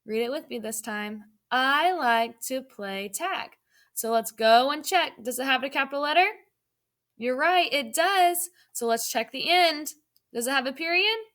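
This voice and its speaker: A woman teaching an online grammar lesson to young children, speaking slowly and clearly with encouragement. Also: high-pitched, a bit bright. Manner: slow, clear and encouraging, reading sentences aloud.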